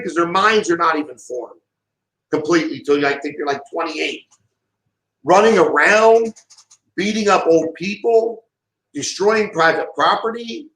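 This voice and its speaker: A man's voice: on the high side, animated, measured pace, fairly bright tone, reverberant, rough recording. A middle-aged man delivering an impassioned monologue, heated and emphatic, often repeating himself. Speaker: vlogger giving a political rant.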